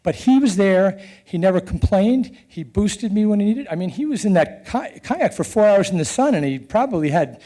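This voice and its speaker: Sharing a story from his own life, this middle-aged man speaks earnestly with a warm, mellow, high voice. He's lively, breaking into chuckles and stopping and starting his sentences.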